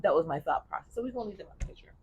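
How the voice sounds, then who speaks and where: A woman telling a personal story in casual chat, blunt and profane, with an animated delivery. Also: lowish voice, racing, a little hiss or hum. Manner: blunt, profane, animated retelling with bursts of laughter.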